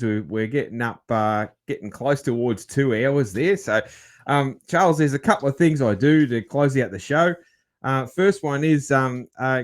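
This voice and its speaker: A man hosting a podcast interview, relaxed and laughing easily, with plenty of fillers. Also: medium pitch. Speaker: podcast host. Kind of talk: casual interview chat.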